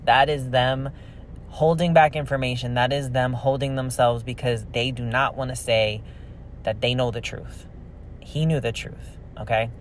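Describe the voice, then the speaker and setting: A man casually narrating a true crime story with an opinionated, animated delivery while he opens trading cards. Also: medium pitch, normal speed, a little hiss or hum. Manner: chatty, opinionated, animated retelling. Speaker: card-opening vlogger telling a true crime story.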